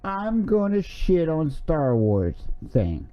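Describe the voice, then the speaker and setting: A man heckles in a crude, drawn-out, taunting way. His high voice leaps about while he speaks slowly. The recording sounds dull and lo-fi. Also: wildly swooping pitch. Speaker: heckling friend. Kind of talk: mocking heckles.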